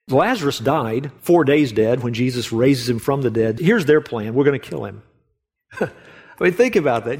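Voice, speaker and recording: Guy preaching a slow steady sermon, reads the bible out loud, repeats stuff for emphasis. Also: mid-range voice. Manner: steady teaching tone, reads scripture aloud; unhurried, stresses words by repeating them. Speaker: pastor. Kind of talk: expository sermon.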